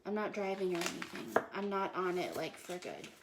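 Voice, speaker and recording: A woman's voice: fairly low pitch, big pitch swings, fairly quick, very noisy. Woman, cooking show host, playful and punny; home kitchen with audible chopping and clicks. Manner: playful, jokey, self-praising with puns. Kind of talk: casual live cooking chat.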